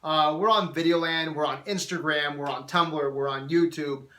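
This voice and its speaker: A man's voice: fairly high pitch, steady tone, moderate pace, bright, forceful tone. A man hosting a casual video interview, joking and laughing often. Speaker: host. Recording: echoey room with faint noise.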